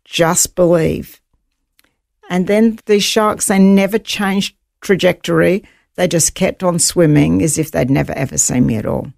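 A woman who is a guest author tells a story in an interview, her voice heavily gravelly, creaky and on the low side. She speaks unhurriedly but animatedly, retelling each moment vividly, and the sound is dry and close to the mic with no room sound.

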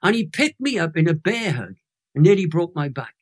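Older Welsh man, 80s, slightly high-pitched, emotional and animated testimony teller. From Wales. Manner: animated, emotional storytelling with dramatic pauses. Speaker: guest. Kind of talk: storytelling testimony.

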